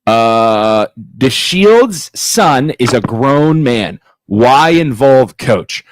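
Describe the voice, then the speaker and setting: A man's voice: mid-range voice, big pitch swings, very slow, dry recording, poor audio. A man in his thirties co-hosting a local call-in talk show, heated and emphatic. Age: 30s. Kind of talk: local talk radio discussion.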